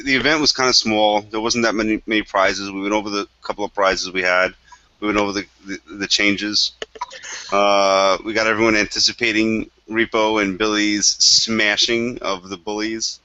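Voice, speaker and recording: Casual male host, bright tense voice, dry dull recording. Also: on the low side, flat delivery, moderate pace, dry recording. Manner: laughing, hesitant, moderating. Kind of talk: casual chat.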